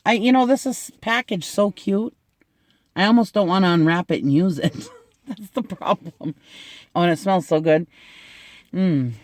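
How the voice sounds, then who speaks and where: Gushing middle-aged man, slightly high voice. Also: no echo, clean studio sound. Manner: gushing, chatty, laughs often. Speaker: unboxing vlogger. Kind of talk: casual unboxing chat.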